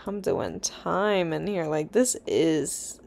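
A woman's voice: on the low side, very animated, slow, creaky, a little mellow, a little hiss or hum. A young woman giving casual, easily scared let's-play commentary, chatty and swearing, with nervous laughs. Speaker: gaming YouTuber.

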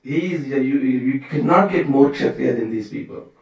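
A man teaching a scripture class in a loose, conversational way, tossing out rhetorical questions. His voice is mid-pitched and picked up from far off. The temple hall gives it a heavy, ringing echo. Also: moderate pace, dull audio. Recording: very echoey room, from far off.

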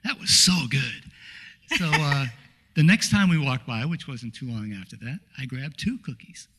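A middle-aged man tells a lighthearted personal story to a congregation, easygoing and anecdotal. His voice sits at an ordinary mid pitch for a man, and he often pauses to say uh as he goes. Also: lively intonation, fairly bright tone. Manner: anecdotal and humorous, with frequent uh fillers. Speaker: guest speaker at a congregation. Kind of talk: storytelling in a church talk.

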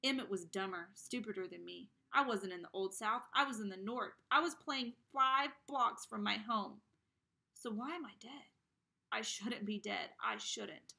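A woman reading a novel aloud, narrating in the first person in an expressive, dramatic way. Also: mid-range voice, unhurried, gravelly. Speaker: reader.

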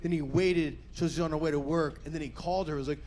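A male stand-up comedian with an energetic, profane delivery, doing a set for a live audience and slipping into quick character voices. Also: a little high, slight background noise.

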